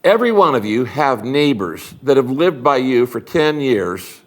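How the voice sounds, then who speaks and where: An older retiring pastor, speaking a little slowly in a medium-pitched voice, is the guest in an interview. His delivery is emphatic and animated, very much a preacher's, and he dramatizes small exchanges as he talks.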